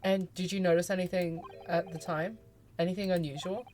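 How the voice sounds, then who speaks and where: A woman's voice: on the low side, steady tone, a little fast, a little mellow, slight background noise, close to an everyday voice. A woman reading a polite young male lawyer. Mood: questioning. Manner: polite, hesitant questioning.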